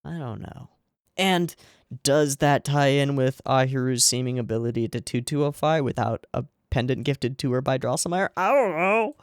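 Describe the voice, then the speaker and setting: A man's voice: medium pitch, moderate pace, clear, resonant tone, no echo, studio quality. A man hosting an anime reaction channel, rambling through casual episode commentary and swearing freely along the way.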